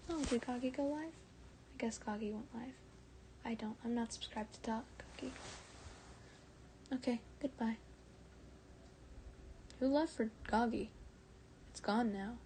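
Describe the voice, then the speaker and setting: A woman streamer reading fan fiction aloud on a live stream, often soft and breathy, stumbling and correcting herself and chatting with viewers in between. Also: fairly high pitch, measured pace, pauses often, slight background noise.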